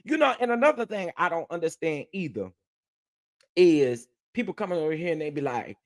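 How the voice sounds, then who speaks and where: Sassy high-voiced male livestream host. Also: fairly quick. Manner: sassy, animated, laughing often. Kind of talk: casual livestream rant.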